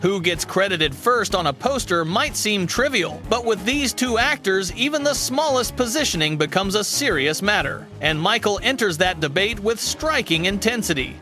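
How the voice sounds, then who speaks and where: High lively guy narrating a clip compilation, faint music behind. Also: normal speed, few pauses. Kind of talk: scripted narration.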